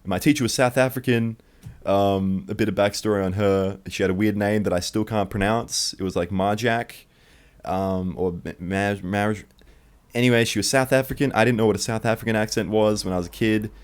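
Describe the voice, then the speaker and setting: A man's voice: lowish voice, steady tone, fairly quick, smooth. A young man telling a true childhood story in one take, rambling and profane.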